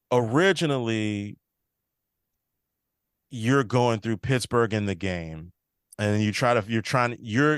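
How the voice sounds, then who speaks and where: In a casual podcast recap of a TV episode, this male host speaks in a mid-range, slightly bright voice with a clear, resonant tone. He walks through scenes and voices the characters' lines a little differently from his own. The studio-quality audio has no room sound.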